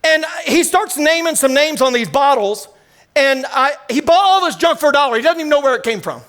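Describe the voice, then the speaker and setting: A man, preaching an energetic sermon full of storytelling in a church. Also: extremely high pitch, brisk. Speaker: guest preacher. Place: church sanctuary.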